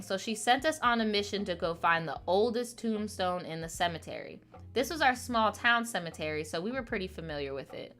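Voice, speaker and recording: A woman with a bright, forceful voice hosts a relaxed show. She reads viewer letters aloud and breaks in with chatty, playful asides full of fillers. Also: medium pitch. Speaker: podcast host reading viewer stories. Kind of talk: casual chat, reading letters aloud.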